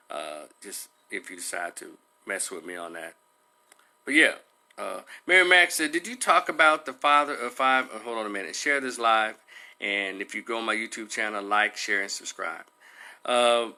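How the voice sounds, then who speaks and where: A man talking loosely on a livestream, rambling with many fillers and animated retelling. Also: on the low side. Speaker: livestream commentator. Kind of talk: casual livestream commentary.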